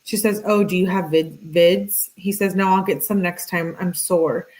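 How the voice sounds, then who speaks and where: A woman's voice: normal speed, poor audio. Woman reading text messages aloud. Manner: flat reading voice, pitch lifts for the girl's texts. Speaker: true crime commentator.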